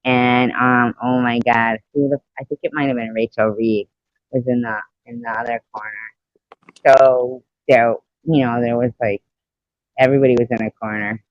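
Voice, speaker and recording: A woman's voice: extremely low pitch, fairly even intonation, moderate pace, no echo, lo-fi sound. A woman hosting a live stream, telling stories in casual chat, swearing freely and laughing as she goes. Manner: profane, laughs through her stories.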